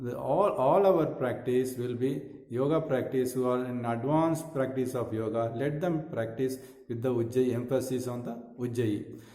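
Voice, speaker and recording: A male yoga teacher explains breathing in a mellow, unhurried voice. He repeats phrases and pauses with fillers as he guides the class. The sound rings in a roomy space with a long echo. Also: medium pitch. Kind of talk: instructional talk on breathing. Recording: echoey room with long reverb.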